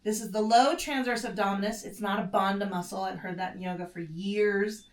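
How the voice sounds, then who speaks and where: A woman's voice: medium pitch, fairly even intonation, fairly quick, far from the mic. A woman teaching a mat pilates class in a casual, self-correcting way, breathing in short strained breaths as she does the moves herself. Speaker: pilates instructor. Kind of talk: guided exercise instruction. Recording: echoey room, set back from the mic.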